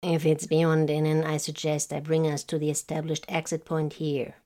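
A woman reader voicing a calm, formal male navigator with mechanical jaws, his voice set apart by a different tone. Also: low voice, normal speed, close to an everyday voice. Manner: formal, deferential.

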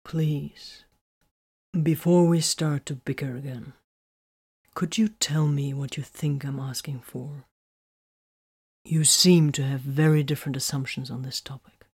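A woman reading the part of a gentle, persuasive man, keeping her voice to a soft, breathy murmur. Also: sits low, fairly even intonation, a little slow, no echo, clean studio sound. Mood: coaxing. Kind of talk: audiobook character reading.

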